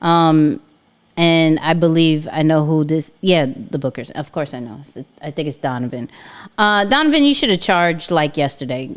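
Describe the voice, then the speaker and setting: Woman co-host, lively swinging voice, chatty and off the cuff with viewer questions. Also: low-pitched, moderate pace. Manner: laughs easily, rambling side notes, answers viewer questions. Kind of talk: casual live chat.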